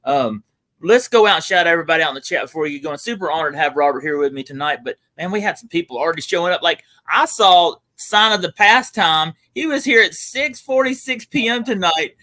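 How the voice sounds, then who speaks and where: Upbeat Southern host in his forties, bright and chatty, a touch higher pitched. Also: quick pace. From Georgia, US. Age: 40s. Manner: upbeat, repeats "super pumped", chatty. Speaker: livestream host. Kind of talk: casual livestream chat.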